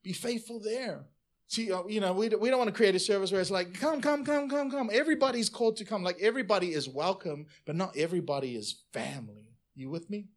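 A man pastor preaching a sermon, animated and conversational, swinging between loud bursts and quiet asides. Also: sits high, fast.

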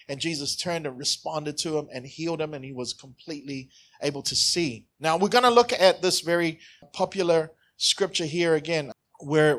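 Pastor preaching a casual sermon. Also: male voice, on the high side, fairly bright tone. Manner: conversational, joking, asks the congregation questions.

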